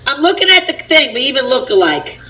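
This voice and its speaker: A woman's voice: high voice, very animated, a little fast, sharp tone, rough recording. A woman who plays piano, chatting as a guest, laughing and humming tunes as she tells her stories. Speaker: guest musician. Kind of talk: casual chat.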